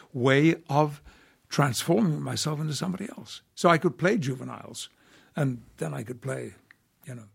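An older man, an actor, telling stories in an interview with measured, wry delivery and a gravelly, husky voice. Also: medium pitch. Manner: measured storytelling with wry laughs. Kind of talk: conversational anecdotes.

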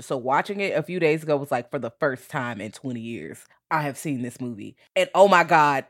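Fairly low-voiced woman, blunt casual chat. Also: fairly bright tone. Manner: blunt, swears freely, enthusiastic opinions. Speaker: podcast co-host.

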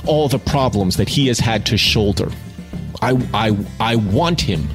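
A man reading a novel aloud and breaking off into passionate, profane commentary to his listener. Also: on the low side. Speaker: reader and commentator. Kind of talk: audiobook reading mixed with casual commentary.

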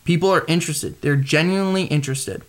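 A man's voice: on the high side, quick pace. A man hosting a podcast alone, talking casually and loosely about fights, with frequent ums and restarts. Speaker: podcast host. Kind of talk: solo casual commentary.

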